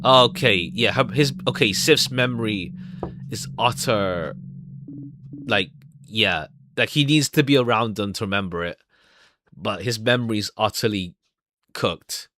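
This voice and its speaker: A man casually commenting on a video game as he plays, rambling with halting filler words. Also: fairly low pitch, pushed and bright, no room sound. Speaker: let's play gamer. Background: background music.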